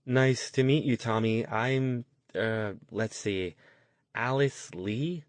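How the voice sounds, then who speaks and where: A man's voice: medium pitch, slow, no room sound, natural voice. A man voicing a playful, eager young woman in an audiobook.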